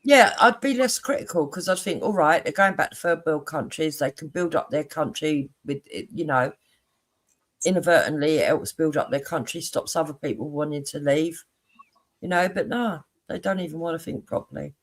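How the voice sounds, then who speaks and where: A man's voice: a little high, normal speed, a bit bright. A man in a casual live chat, earnestly arguing his point.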